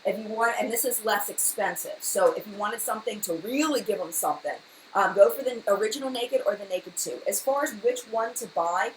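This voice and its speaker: A woman in her thirties hosting a live stream, answering viewers in a fast, rambling, chatty way with many fillers. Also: medium pitch, slight background noise, low-quality recording. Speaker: beauty channel host.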